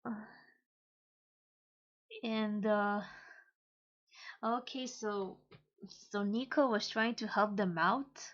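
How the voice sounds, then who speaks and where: Female, casual comic reader-translator; hesitant, unhurried delivery, muffled home mic. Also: mid-range voice, fairly bright tone. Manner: hesitant, halting, many pauses and fillers.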